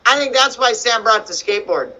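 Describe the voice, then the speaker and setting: A woman teaching young children to read over a video call, animated and coaxing, full of questions. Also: a little high, fairly quick, highs cut off. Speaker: kindergarten teacher. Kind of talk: online reading lesson for young children. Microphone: computer mic on video call.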